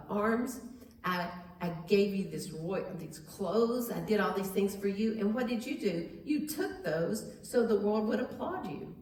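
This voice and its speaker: A woman's voice: on the low side, a little mellow, a little hiss or hum. A woman teaching a Bible study to a live group, earnest and conversational, often restarting her sentences and adding asides. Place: large echoey room with a live group. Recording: very echoey room recording from far off.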